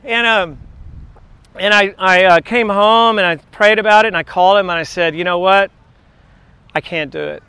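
A man in his fifties, a teacher giving a devotional message to his class, telling faith stories in an excitable, chatty, digressive way. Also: high-pitched, moderate pace, pauses often, clean tone, dry recording. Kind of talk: rambling faith storytelling to a class.

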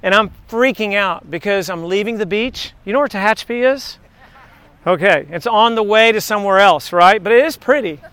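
A man in his fifties, a teacher giving a devotional message to his class, telling faith stories in an excitable, chatty, digressive way. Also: sits high, normal speed, clear, resonant tone. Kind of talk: rambling faith storytelling to a class.

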